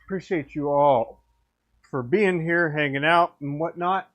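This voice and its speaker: Slow-talking tipsy man with hiccups. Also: a little high, a bit bright. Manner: rambling, friendly, slurs thoughts. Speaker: pen turner streaming from his workshop. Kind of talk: casual live-stream sign-off chat.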